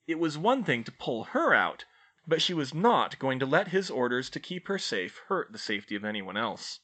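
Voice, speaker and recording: A man reading fan fiction aloud as an expressive audiobook narrator. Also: medium pitch, normal speed. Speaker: audiobook reader.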